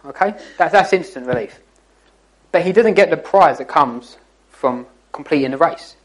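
A man's voice: a little high, expressive, normal speed, rough recording. A man giving an informal, jokey church talk to young people, teasing his listeners as he goes. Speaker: youth speaker.

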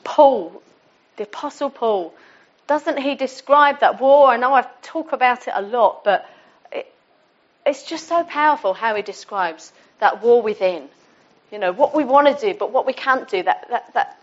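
A woman's voice: on the high side, animated, a little slow. A middle-aged woman giving an informal, conversational sermon to her church. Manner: warm, conversational, with restarts. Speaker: church speaker. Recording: dull lo-fi sound.

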